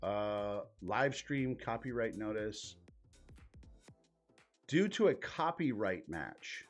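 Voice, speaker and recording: A man's voice: on the low side, big pitch swings, slow, faint music behind. A man hosting a live stream in casual commentary, exasperated and swearing, muttering to himself as he searches his screen. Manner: profane, exasperated, thinking aloud while clicking around.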